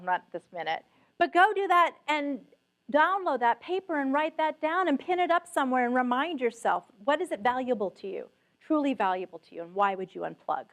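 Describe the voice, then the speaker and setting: A middle-aged woman giving a conference keynote talk, telling stories with animated asides to the audience. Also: sits high. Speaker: keynote speaker. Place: conference hall stage.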